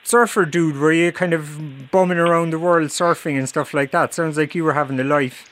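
A man's voice: a little high, fairly even intonation, moderate pace, fairly bright tone, a little hiss or hum. An Irish man hosting a radio interview, chatty and teasing, often laughing with his guests. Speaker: radio show host.

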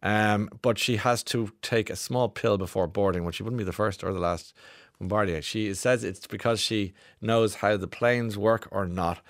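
Chatty radio host, dry studio sound. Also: male voice, on the low side, moderate pace, no echo. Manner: chatty, wry. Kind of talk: casual radio talk reading listener texts.

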